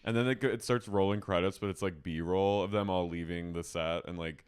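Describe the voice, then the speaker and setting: A man co-hosting a podcast, gossiping in a casual, dramatic recap and mimicking people with shrill impressions. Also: fairly even intonation, brisk, smooth. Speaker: podcast co-host. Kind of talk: casual chat recapping a reality show.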